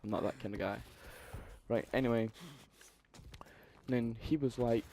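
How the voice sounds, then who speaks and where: Profane young man, mellow tone. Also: mid-range voice, measured pace, pauses often, a little hiss or hum. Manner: profane, animated retelling with exasperated asides. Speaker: vlogger. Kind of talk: casual storytelling.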